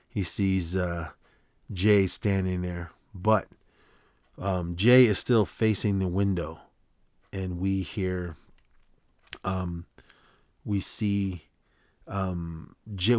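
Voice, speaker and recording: A man with a deep voice hosts a podcast, walking through a short film's story in a loose, rambling way. He leans on fillers and restarts his sentences often. The sound is close and dry, with no room echo. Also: a little mellow. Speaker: podcast host. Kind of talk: casual film recap.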